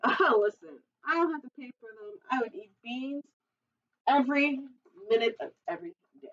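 A woman's voice: high-pitched, lively intonation, normal speed. Giggly woman reading a storybook aloud. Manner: chatty, giggly asides. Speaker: children's librarian. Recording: dull, distant recording.

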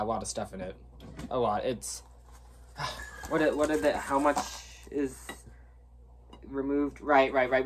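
A young performer playing a boastful, shady male oat salesman who rambles erratically and jumps to sudden shouts. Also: mid-range voice, husky. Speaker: salesman character. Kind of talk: comedic sketch acting.

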